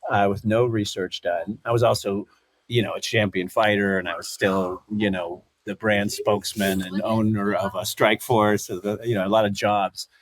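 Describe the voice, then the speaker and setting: A man's voice: fairly low pitch, flat delivery, moderate pace. A middle-aged man telling a story as a podcast guest, acting out quotes and laughing often. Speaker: podcast guest, former fighter and broadcaster. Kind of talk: casual storytelling interview.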